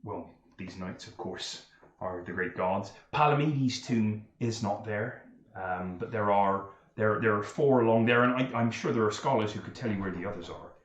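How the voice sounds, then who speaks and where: A man narrates a tabletop game as game master, his voice on the low side. He pauses and uses fillers while setting scenes, and the room echoes around him. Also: muffled recording. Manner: measured, hesitant, with many fillers.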